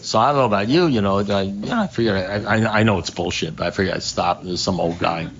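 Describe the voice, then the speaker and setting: A man's voice: on the low side, fast talker, a little hiss or hum. A man speaking at a recovery meeting who tells a joke story in a casual, profane way, with many restarts, on a slightly muffled recording.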